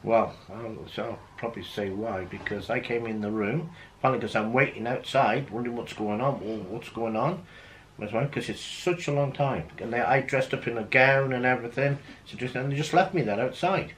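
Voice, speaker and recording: A man's voice: medium pitch, moderate pace, fairly bright tone, a little hiss or hum, rough recording. A middle-aged British man with a British accent, telling a story earnestly in casual chat, repeating himself for emphasis. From United Kingdom. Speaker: vlogger's husband.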